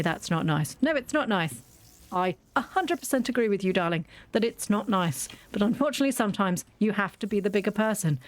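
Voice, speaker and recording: Blunt, sweary British woman. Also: medium pitch. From Britain. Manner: blunt, swears a lot, ranting. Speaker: YouTuber playing a game. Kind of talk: casual gameplay commentary.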